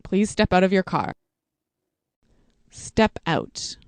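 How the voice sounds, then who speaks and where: A woman reads vocabulary words and example sentences for learners, taking each one slowly and deliberately. Her voice sits at a middle pitch and sounds close and dry, with no room around it. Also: lively intonation, no room sound. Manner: slow, deliberate, evenly paced reading. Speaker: English teacher.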